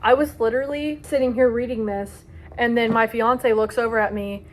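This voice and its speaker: A woman's voice: a little high, fairly even intonation, normal speed. A young woman giving a casual book review vlog, dramatic and gushing about the stories she loves. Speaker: book vlogger.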